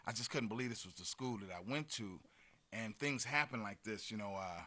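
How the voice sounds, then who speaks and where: A man in his fifties talks as a guest on a local show, warmly earnest and a little rambling, trailing off into fillers. His voice is bright and clear in tone. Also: fairly low pitch, expressive, fairly quick. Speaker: community guest. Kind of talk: casual chat.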